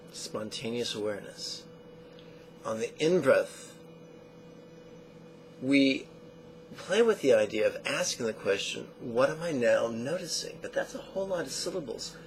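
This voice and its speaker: A man teaching a meditation lesson in a slow, measured way, often repeating short phrases. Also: mid-range voice, animated, slight background noise, rough recording.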